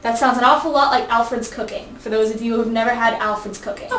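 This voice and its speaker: A woman's voice: a little high, fairly even intonation, fast talker, fairly bright tone. A young woman hosting a casual study group, playful as she reads aloud from a book and stumbles over words. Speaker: host. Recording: echoey room, faint background hiss.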